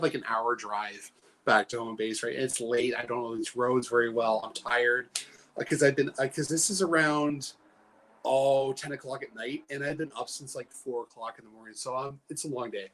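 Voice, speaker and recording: A man's voice: medium pitch, steady tone, a little fast, fairly bright tone. A man from British Columbia, a guest on a show, telling a story in a rambling way with lots of fillers and laughs. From Canada, British Columbia. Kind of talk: casual anecdote telling.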